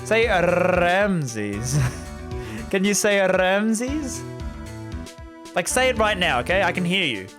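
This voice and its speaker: A male streamer rambling and laughing as he talks to his live chat. His voice is fairly high and very lively, and game music plays clearly underneath. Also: takes it slowly, pauses often.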